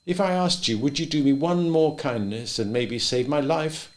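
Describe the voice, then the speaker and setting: Man reading as an eager pleading rancher guy, kinda higher voice, hopeful. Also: moderate pace, natural voice. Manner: earnest, pleading, raised pitch. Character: earnest grown male landowner, eager and pleading.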